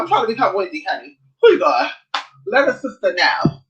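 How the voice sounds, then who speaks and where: Bright-voiced sassy woman vlogger. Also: mid-range voice, sing-song, fairly quick, highs cut off. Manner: sassy, profane, chatty, calls viewers girl and honey. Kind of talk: casual chat to camera.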